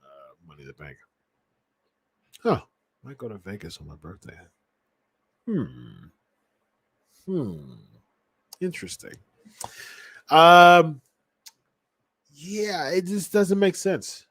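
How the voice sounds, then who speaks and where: A man's voice: on the high side, expressive, slow, long pauses, a bit bright, dry recording. A man hosting a podcast, chatting casually about wrestling and often correcting himself mid-sentence. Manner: rambling, with frequent restarts and self-corrections. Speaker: podcast host.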